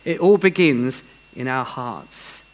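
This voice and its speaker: A man's voice: mid-range voice, animated, takes it slowly, rough recording. A man preaching a sermon in an earnest way, telling a story with some restarts.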